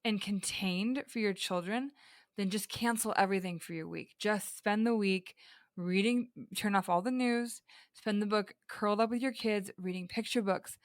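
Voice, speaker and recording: A woman's voice: mid-range voice, no room sound, studio quality. A young woman talking earnestly and reflectively in a casual podcast conversation, with frequent fillers and restarts.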